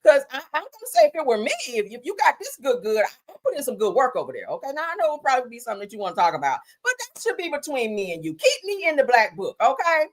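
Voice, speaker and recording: A woman hosting a livestream, giving sassy, animated commentary on news and gossip, swearing freely and calling listeners honey. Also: high-pitched, fast, few pauses. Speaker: livestream host.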